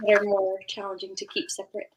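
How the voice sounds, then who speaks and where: A woman's voice: medium pitch, monotone, quick pace, darkish tone, a little hiss or hum. A woman co-hosting a casual online chat, mostly giving short supportive replies. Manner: supportive, brief affirmations. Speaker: co-host.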